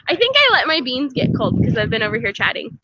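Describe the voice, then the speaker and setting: A woman's voice: high-pitched, huge pitch swings, normal speed, bright, forceful tone, highs cut off. A woman chatting casually on a livestream, reading viewer comments, rambling with frequent laughs. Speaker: homesteading vlogger on a livestream.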